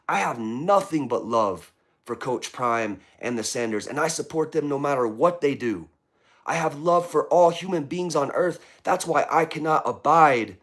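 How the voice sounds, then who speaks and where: A man hosting a live political vlog, reading viewer comments aloud and answering them with impassioned, preachy commentary. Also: mid-range voice. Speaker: political vlogger.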